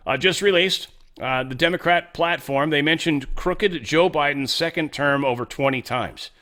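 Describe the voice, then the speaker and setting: A man's voice: a little high, normal speed, pushed and bright. A man runs a casual political commentary show in a blunt, opinionated voice. He reads posts and poll figures aloud.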